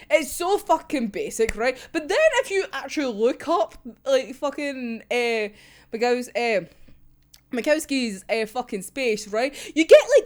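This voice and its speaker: A woman's voice: high voice, a little mellow. A young woman chatting casually about a manga chapter, swearing a lot and laughing often. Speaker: manga reaction vlogger. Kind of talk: casual chat.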